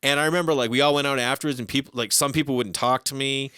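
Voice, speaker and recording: A man's voice: mid-range voice, fast talker, smooth, dry recording, studio quality. A comedian man from the Boston area telling stories in casual chat and acting out the people in them. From Boston area, USA. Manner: animated storyteller acting out voices. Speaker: comedian guest.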